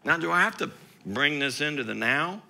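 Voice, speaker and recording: A man preaching a sermon as pastor, animated and rising to loud, emphatic outbursts. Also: on the high side, normal speed, creaky.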